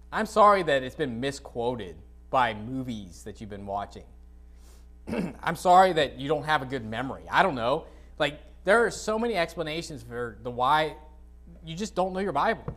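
A man preaching an informal sermon to a congregation, reading scripture and adding blunt, dismissive asides while often clearing his dry throat. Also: mid-range voice, a bit bright. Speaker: pastor. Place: church sanctuary, speaking to a congregation.

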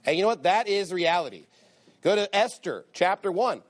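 A man's voice: high-pitched, animated, moderate pace. A man preaching a sermon. He speaks emphatically, repeats phrases for stress, and reads scripture in King James wording. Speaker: pastor.

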